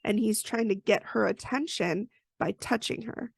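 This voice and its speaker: A woman podcast host with a heavily gravelly, fry-laden voice set a little high. She recaps a story casually, with chatty asides. The sound is dry and close. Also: moderate pace, a little mellow, no room sound.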